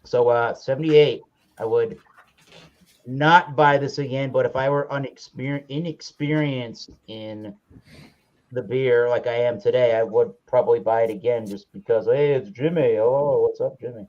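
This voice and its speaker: A man's voice: medium pitch, fairly even intonation, moderate pace, darkish tone. A man hosting a casual livestream chat, rambling and often correcting himself as he talks. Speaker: livestream host. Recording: slightly dull lo-fi audio.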